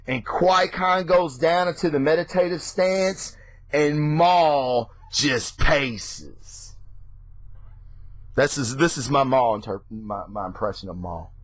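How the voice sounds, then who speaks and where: A man hosting his own show, ranting casually and excitably with lots of swearing. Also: no room sound. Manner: profane, excitable, mimics reactions in a high voice. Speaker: podcast host.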